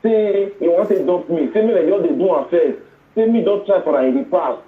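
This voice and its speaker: A distressed man with a Nigerian accent pours out his trouble in a pleading, high voice. He comes through a tinny phone line, heard in an echoey room. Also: fairly quick. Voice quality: upset, pleading. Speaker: caller. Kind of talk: phone-in counselling talk.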